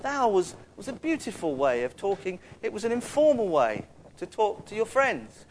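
A man with a London accent preaching a sermon. His voice sits fairly high for a man, and he talks in a loose, conversational way, turning to the congregation with quick asides. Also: very animated, a little hiss or hum.

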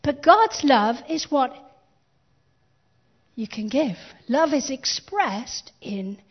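A woman's voice: high-pitched, very animated, slow pace, husky, muffled recording. A woman pastor preaching a sermon, building emphasis with repeated phrases and calling on the congregation to respond.

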